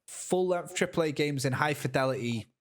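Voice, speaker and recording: A man co-hosting a podcast, talking in an excitable, stammering casual way. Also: a little high, moderate pace. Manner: animated, excitable storytelling with stammers. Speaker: podcast co-host. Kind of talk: casual chat.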